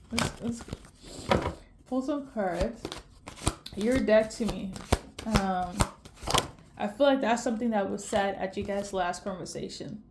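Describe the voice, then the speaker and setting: In a slightly noisy recording, a tarot reader with a medium-pitched, darkish woman's voice gives an intuitive reading to camera. She's tearful and emotional, and she keeps adding "okay?" to the end of her lines.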